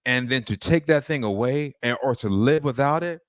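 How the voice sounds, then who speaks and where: A man's voice: medium pitch, normal speed, no room sound, clean studio sound. A man co-hosting a podcast, talking through faith in a casual, rambling way full of restarts. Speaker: podcast co-host.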